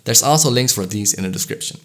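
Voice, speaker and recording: Man narrating a clear phonetics lesson. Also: mid-range voice, expressive. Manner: clear, explanatory, demonstrates sounds slowly. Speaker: language educator. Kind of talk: scripted educational narration.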